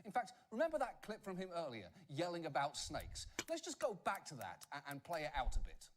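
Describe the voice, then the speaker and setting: A British man hosting a satirical news comedy show, delivering a sarcastic monologue full of quick jokes. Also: fairly high pitch, wildly swooping pitch, fairly bright tone, slight background noise.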